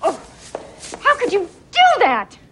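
A shrill, indignant fiancée. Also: female voice, wildly swooping pitch, slow, background noise, full character voice. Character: upset woman, the psychiatrist's fiancée. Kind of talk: film dialogue.

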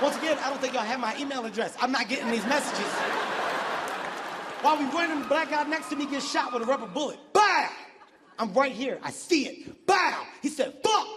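A man performing a stand-up comedy set on a big stage, telling stories in an animated, profane way and bursting into shouts. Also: very high-pitched. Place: large live venue on stage. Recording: reverberant hall with constant background noise.

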